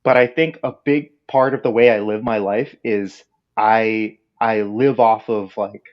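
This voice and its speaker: A man's voice: fairly low pitch, steady tone, a little slow, muffled recording. A man co-hosting a podcast, talking candidly and reflectively in casual chat. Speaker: podcast co-host.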